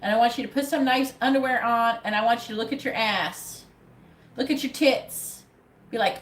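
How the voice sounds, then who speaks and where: A tarot reader gives a live reading in a fairly high voice at normal speed, blunt and profane with a pep-talk style. The room is echoey, with faint background noise.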